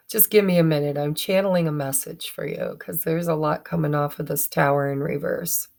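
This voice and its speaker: A woman's voice: low-pitched, fairly even intonation, moderate pace, gravelly, a little mellow. A woman giving a chatty tarot reading to her viewers, often stumbling and correcting herself as she goes. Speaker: tarot reader. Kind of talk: casual tarot reading to camera.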